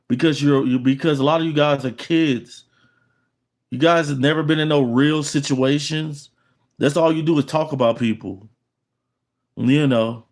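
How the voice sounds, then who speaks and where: A middle-aged man with an African American Vernacular English accent hosts his channel, his medium-pitched voice creaky. He rants at viewers in a boastful, threatening, repetitive monologue.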